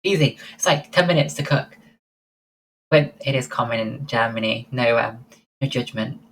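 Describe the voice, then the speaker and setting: Very low-voiced woman chatting. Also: normal speed, slight background noise, rough recording. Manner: chatty, greets and answers chat messages. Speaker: livestreamer. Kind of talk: casual chat with live viewers.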